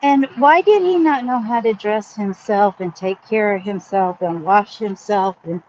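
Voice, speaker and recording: A woman's voice: mid-range voice, measured pace, darkish tone. A woman chatting about a news case, opinionated and indignant. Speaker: co-host. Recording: dull lo-fi sound with faint noise.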